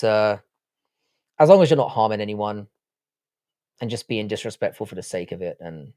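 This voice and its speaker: A man's voice: on the low side, a little mellow, dry recording, clean studio sound. A man from Ireland with a British accent, hosting a livestream and chatting casually and bluntly as he reads out viewer comments, swearing freely. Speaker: livestream host.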